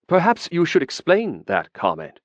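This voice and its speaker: A man voicing a dangerous male elf who speaks pleasantly, low and weary. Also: sing-song, unhurried, a little mellow, no room sound. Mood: cool. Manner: pleasant but menacing, low-voiced.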